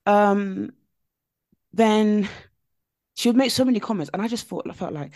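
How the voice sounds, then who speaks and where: A woman co-hosting a podcast, chatting casually and telling stories with animated, emphatic repetition. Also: mid-range voice, quick pace, no echo. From Nigeria. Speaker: podcast co-host. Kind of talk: casual chat.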